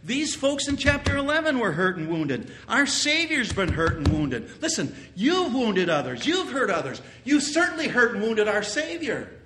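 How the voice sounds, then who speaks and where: A man preaching a sermon as pastor, earnest, repeating key phrases and sometimes rising to loud exclamations. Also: very high voice, very animated, normal speed, few pauses, a little hiss or hum.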